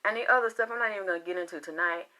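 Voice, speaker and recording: A woman's voice: lowish voice, rapid-fire, sharp tone. A woman working as a spiritual reader, talking in a casual, impassioned monologue that is rambling and full of swearing.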